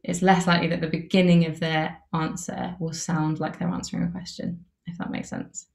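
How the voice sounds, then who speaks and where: A woman's voice: lowish voice, level tone, brisk, vocal fry, darkish tone, roomy sound. A woman teaching an interviewing masterclass in a casual, chatty way, with lots of "like" and "um". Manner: casual, chatty, many "like" and "um" fillers. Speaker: workshop instructor.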